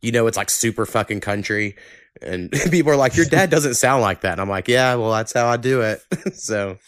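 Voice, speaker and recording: A man from Oklahoma with a mild Southern Oklahoma accent, hosting a podcast in a relaxed chat and swearing casually. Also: fairly low pitch, moderate pace, smooth, dry recording, clean studio sound. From Oklahoma, USA. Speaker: podcast host.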